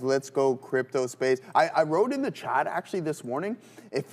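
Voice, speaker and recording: A man co-hosting a live trading stream, talking markets in a relaxed, casual way. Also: mid-range voice, in a large hall.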